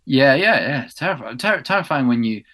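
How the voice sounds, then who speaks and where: A man's voice: mid-range voice, lively intonation, moderate pace, sharp tone. A young man from England, an actor co-hosting a podcast, chatting casually and rambling with many ums and restarts. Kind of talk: casual chat. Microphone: podcast mic indoors.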